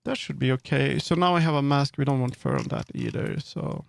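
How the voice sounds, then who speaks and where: A man's voice: medium pitch, wildly swooping pitch, brisk, vocal fry. A man chatting casually on a live stream, thinking aloud and correcting himself as he works. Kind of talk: casual live-stream chat while working.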